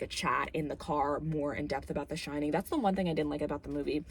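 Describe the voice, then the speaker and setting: Young woman, vlogger, rambling casual chat, deep-ish pitch, breathy. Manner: rambling and animated, full of fillers and asides. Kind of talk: casual film and book commentary.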